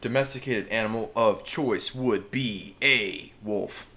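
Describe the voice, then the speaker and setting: A man's voice: lowish voice, slow pace, bright, forceful tone. A young man co-hosting a casual podcast, laid-back and teasing, with lots of slang. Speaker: podcast co-host. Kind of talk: casual chat.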